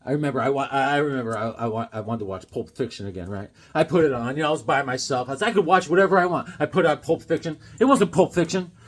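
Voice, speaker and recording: A middle-aged man chatting casually as he shows off his comic books, telling stories in a lively way and laughing often. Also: mid-range voice, fast talker, hardly any pauses. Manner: animated storyteller, laughs often, acts out voices. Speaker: comic book collector vlogger. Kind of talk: casual chat showing comics.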